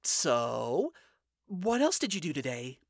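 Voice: mid-range voice, very animated, slow, creaky, no echo, clean studio sound, exaggerated voice. A narrator voicing a cheerful, earnest young demon princess who talks in an upbeat, encouraging way, in a storybook reading.

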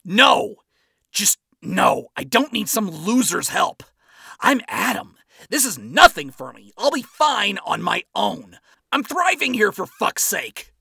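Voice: mid-range voice, lively intonation, moderate pace, vocal fry, breathy edge, no room sound, studio quality, voice pushed up, exaggerated voice. A narrator voicing an arrogant, crude male rock star in a fan story reading. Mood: agitated. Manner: crude, boastful, shouting. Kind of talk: amateur audiobook reading.

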